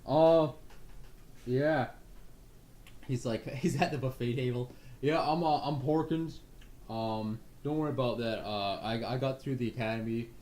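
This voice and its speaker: A man voicing a slow-witted heavyset male agent who mumbles while chewing. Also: medium pitch, a little mellow, natural voice. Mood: dazed.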